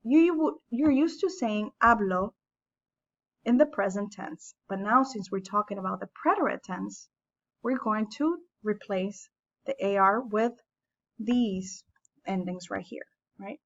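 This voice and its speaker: A woman teaching a language lesson, explaining grammar step by step in a patient, measured way. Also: mid-range voice, lo-fi sound. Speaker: Spanish teacher. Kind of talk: classroom lesson narration.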